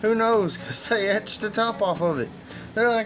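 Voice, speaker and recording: A middle-aged man hosting a casual DIY vlog, loud, joking and profane. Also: high-pitched, normal speed, music in the background. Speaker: channel host, circuit bender.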